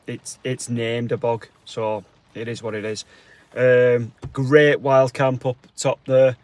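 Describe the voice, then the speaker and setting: Out on the wet fells and later in his car, this English man with a Liverpool accent keeps up a casual walking vlog, cheerful, chatty and slangy, addressing viewers as legends. His voice is medium-pitched with a darkish tone, and there's no echo.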